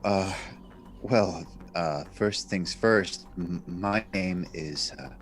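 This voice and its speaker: A man playing his character in a tabletop game, talking in a hesitant, halting way full of fillers. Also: sits low. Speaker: player.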